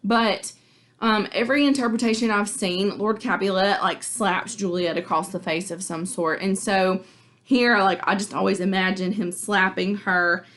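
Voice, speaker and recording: A woman's voice: medium pitch, steady tone, normal speed, fairly bright tone. A woman teacher giving a casual, chatty recap of a play to her class, full of likes and ums. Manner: chatty, filler-heavy, informal.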